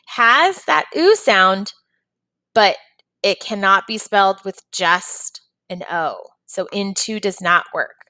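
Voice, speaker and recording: A woman's voice: medium pitch, expressive, slow pace, bright, forceful tone, dry recording. A woman teacher patiently walking young students through a phonics and reading lesson, step by step.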